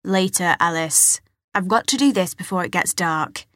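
A woman's voice: moderate pace, a bit bright, dry recording, studio quality, close to an everyday voice. A woman doing a weary, evasive dad. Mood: dismissive. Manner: low, tired, dismissive. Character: weary middle-aged father, evasive and curt.

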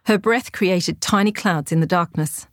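A woman, the author, narrating her children's adventure book in a clear, steady manner. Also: on the low side, a little slow, no room sound, studio quality. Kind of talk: audiobook narration.

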